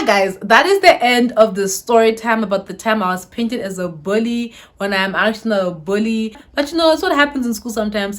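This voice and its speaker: Animated young woman telling a storytime. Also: medium pitch. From Zimbabwe. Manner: animated, dramatic, talks to viewers. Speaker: YouTuber. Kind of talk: storytime vlog.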